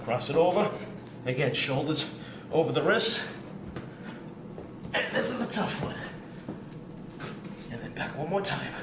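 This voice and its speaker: Man, energetic fitness coach, counts reps while working out, recorded from a distance in a noisy room. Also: on the high side, unhurried, long pauses. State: out of breath at times. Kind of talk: demonstrating warm-up drills. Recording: roomy, distant mic with ambient noise.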